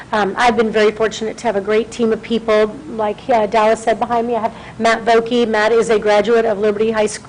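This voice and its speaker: A woman's voice: fairly high pitch, darkish tone, a little hiss or hum, rough recording. A middle-aged woman, a city councilwoman, speaking as a guest at a school board meeting, chatty and self-deprecating, full of thanks. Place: meeting room.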